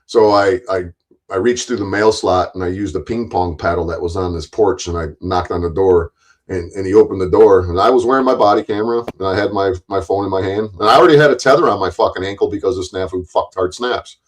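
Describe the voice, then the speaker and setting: A man's voice: sits low, fast, low-quality recording. Angry, cursing man ranting on a stream. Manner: angry, cursing, rambling with restarts. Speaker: live streamer. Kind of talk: profane ranting live stream.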